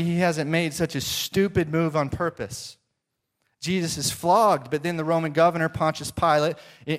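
A male preacher telling a story in a dramatic sermon, often dropping to soft, hushed tones. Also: a little high.

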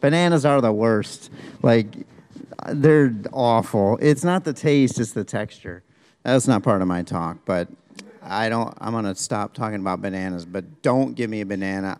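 A male pastor in a church gives a relaxed, chatty sermon. He stumbles and restarts often, pokes fun at himself, and swings between quick bursts and slow, soft stretches. His voice sits at an ordinary middle pitch. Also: smooth. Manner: casual, self-deprecating, with many restarts. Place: church sanctuary, also streamed.

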